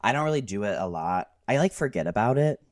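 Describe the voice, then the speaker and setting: A man's voice: on the low side, expressive, fast, no room sound, studio quality. A young man co-hosting a podcast, chatting casually with lots of "like" and restarts and frequent laughter. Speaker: podcast co-host. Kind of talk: casual chat.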